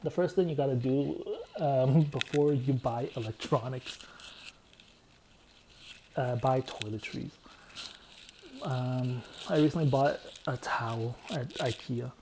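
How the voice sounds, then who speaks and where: A man telling long, meandering stories in a deadpan, repetitive way. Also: medium pitch, takes it slowly, long pauses, a little hiss or hum. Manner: meandering, deadpan, repeats himself. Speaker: vlogger. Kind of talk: rambling storytelling monologue.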